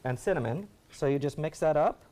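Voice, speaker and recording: A chef demonstrating a recipe on a TV show set, relaxed and chatty. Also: mid-range voice, brisk, a little hiss or hum. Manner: relaxed, chatty, laughs easily. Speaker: chef doing a cooking demo. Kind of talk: casual TV cooking demonstration. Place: TV studio kitchen set.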